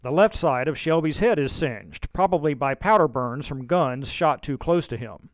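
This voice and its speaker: A male narrator with a fairly high voice reads a historical account in a measured, storytelling way. The sound is dry and close, with no room around it. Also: animated, no echo.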